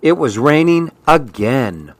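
A man hosting a radio children's story hour, reading picture books aloud in a gentle, friendly manner. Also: mid-range voice, big pitch swings, takes it slowly, dry recording.

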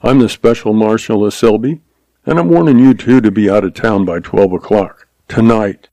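A man's voice: lowish voice, moderate pace, warm tone, no room sound, close to an everyday voice. A man voicing a cold, deadly male marshal in a spoken western story, curt and commanding. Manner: curt, ordering.

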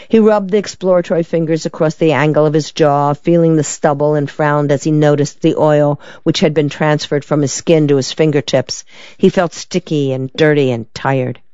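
An audiobook narrator reading a crime story in an even, measured way. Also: medium pitch, clear, resonant tone, no room sound, muffled recording. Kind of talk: scripted narration.

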